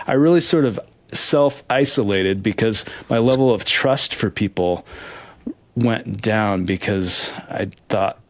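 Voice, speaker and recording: A man with a fairly low voice speaks earnestly and a little hesitantly, restarting his thoughts as he answers interview questions. The sound is dry and close. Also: normal speed, no room sound. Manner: earnest, hesitant, with many restarts and soft laughs. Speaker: interview guest, lottery winner. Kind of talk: candid reflective interview answers.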